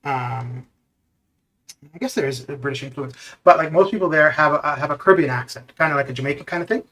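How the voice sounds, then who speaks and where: A man's voice: a little high, quick pace, a bit bright. A man streaming a game and chatting over voice chat, rambling with frequent laughs and restarts. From Canada. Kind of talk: casual chat. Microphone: voice chat over Discord.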